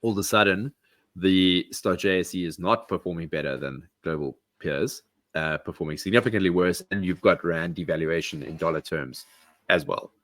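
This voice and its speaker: A man, a podcast host, explaining in casual chat in a brisk, opinionated way. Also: sits low, fairly bright tone, no echo, studio quality. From South Africa.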